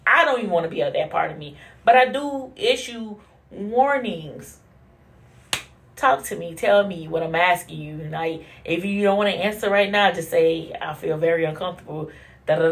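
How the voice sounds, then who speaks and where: A woman hosting a casual monologue podcast, blunt and profane, who laughs often and swings from low mutters to high bursts. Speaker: podcast host.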